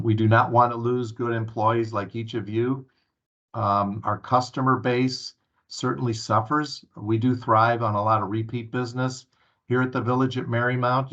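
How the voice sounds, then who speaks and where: A man's voice: medium pitch, fairly bright tone. A man giving a staff training presentation at a town hall meeting, earnest and full of filler sounds and restarts. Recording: muffled lo-fi recording.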